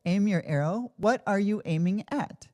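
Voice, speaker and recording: A man's voice: high voice, moderate pace, darkish tone, dry recording, clean studio sound, natural voice. A woman telling of a stern old archery teacher. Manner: stern, questioning.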